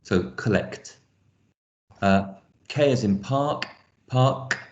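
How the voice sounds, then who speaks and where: A man's voice: lowish voice, animated, normal speed, a little mellow, roomy sound, lo-fi sound. A man teaching an online lesson on phonics, thinking aloud with fillers and spelling out letters as he explains. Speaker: lecturer.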